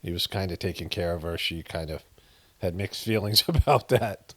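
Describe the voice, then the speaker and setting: A man's voice: low-pitched, normal speed, a bit bright, slightly rough, no room sound. A middle-aged man casually telling a personal story, rambling with many fillers and restarts, frank and sometimes profane. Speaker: meditation practitioner telling a story.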